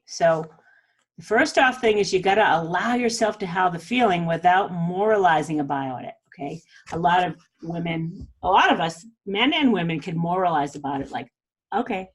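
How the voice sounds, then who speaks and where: A woman's voice: mid-range voice, husky. A middle-aged woman hosting a podcast, talking through a self-help method in a chatty, earnest way and checking in with "okay?". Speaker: podcast host. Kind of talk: casual self-help monologue.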